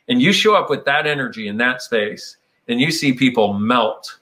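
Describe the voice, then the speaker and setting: A man's voice: medium pitch, expressive, moderate pace, sharp tone. A man talking casually and reflectively, meandering through his points. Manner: meandering, reflective, slips into playful quoted voices. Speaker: speaker on personal growth. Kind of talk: casual conversational talk.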